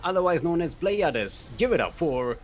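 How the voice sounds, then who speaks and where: Animated, rambling male game caster. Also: on the high side, normal speed. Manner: rambling, jokey, chuckling, many fillers. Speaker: esports caster. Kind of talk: live game commentary.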